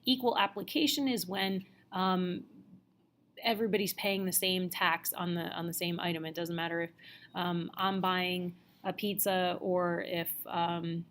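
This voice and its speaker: A woman teacher with a low voice that has a gravelly edge, talking through slides as if chatting with a class. She explains loosely, stopping and restarting with frequent fillers. A faint hiss sits under her voice. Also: steady tone, a little slow, a bit bright. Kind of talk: casual narrated slide lecture.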